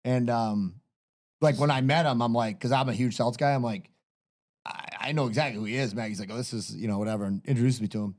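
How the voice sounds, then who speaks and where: A man's voice: mid-range voice, quick pace, darkish tone. A man hosting a podcast, telling long rambling stories in casual chat and swearing often. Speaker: podcast host.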